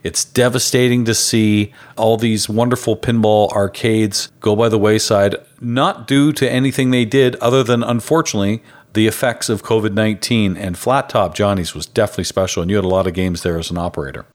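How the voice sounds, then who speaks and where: A man's voice: fairly low pitch, steady tone, brisk, hardly any pauses. Canadian guy hosting a podcast, upbeat, practiced, talks for a living. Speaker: podcast host. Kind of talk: podcast interview.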